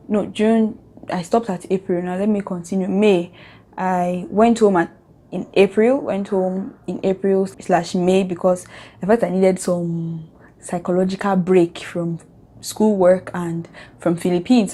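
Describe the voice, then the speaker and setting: A woman's voice: medium pitch, mellow. A young woman from Nigeria with a Nigerian accent, talking in a casual, earnest and heartfelt reflective vlog. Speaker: vlogger.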